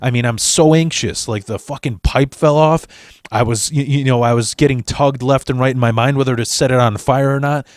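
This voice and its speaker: A man tells a long comic story on his channel, rambling and swearing constantly. His voice sits at an average pitch. The sound is dry and close, with no room echo. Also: steady tone, a little fast. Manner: profane, rambling, restarts. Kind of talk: comedic storytelling vlog.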